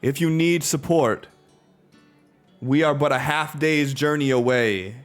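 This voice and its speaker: A man's voice: a little high, a little slow, soft background music, pitched above the performer's own voice, lightly acted. A man voicing a confident, stern knight who speaks in a formal, commanding way. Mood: lecturing.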